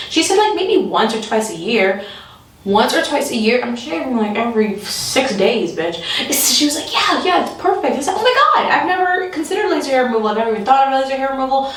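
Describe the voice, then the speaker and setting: Woman, comic storyteller, animated, fairly high voice, very echoey room, set back from the mic. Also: far from the mic. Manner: animated, laughs often, acts out voices. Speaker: comedian. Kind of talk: storytelling comedy.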